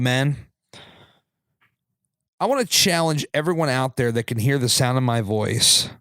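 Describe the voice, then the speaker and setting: This is a casual storytelling monologue from a podcast host whose mid-range voice rambles conversationally, dotted with fillers and asides aimed at listeners. It's studio quality with no echo.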